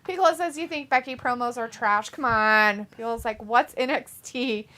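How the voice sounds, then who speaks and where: A woman co-hosting a casual live stream, reading viewer comments and reacting with blunt, profane remarks. Her voice is bright and sits a little high. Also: normal speed. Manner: blunt, profane, laughs often. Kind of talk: casual chat.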